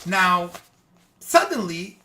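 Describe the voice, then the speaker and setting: A religious teacher telling a moral story in an animated way, acting out the quotes and often calling the listeners guys, with halting restarts and repeated words. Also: mid-range voice, background noise. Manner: lively, acts out quotes, keeps addressing listeners as guys.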